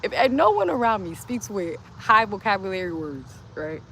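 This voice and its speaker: A woman's voice: mid-range voice, sing-song, normal speed. A woman livestreaming outdoors by a street, chatting casually and rambling, saying "like" constantly, into a phone. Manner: says "like" constantly, loose and rambling. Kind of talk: casual rambling stream chat. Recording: loud outdoor street noise.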